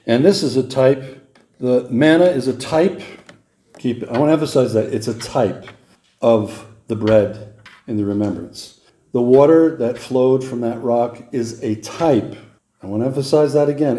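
A man preaching a sermon, teaching deliberately verse by verse and repeating key points for emphasis. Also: medium pitch, mellow. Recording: echoey room.

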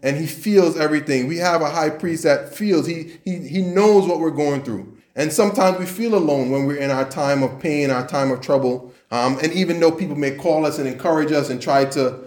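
A man's voice: fairly high pitch, moderate pace, few pauses, darkish tone. Earnest preacher man, echoey room. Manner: earnest, repeats himself and restarts often. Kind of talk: sermon.

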